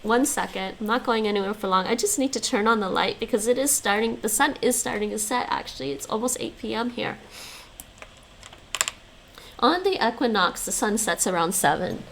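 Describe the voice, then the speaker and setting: A woman's voice: fairly high pitch, expressive, moderate pace, creaky, a bit bright, a little hiss or hum, low-quality recording. A woman livestreaming at home, chatting casually and answering her viewers' messages aloud while she studies languages, with frequent laughs.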